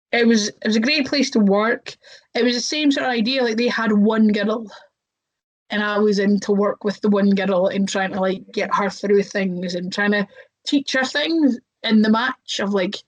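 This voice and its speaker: A woman's voice: mid-range voice, rough recording. A young woman, a wrestler, telling stories casually in an interview, chatty, with lots of fillers and voices acted out.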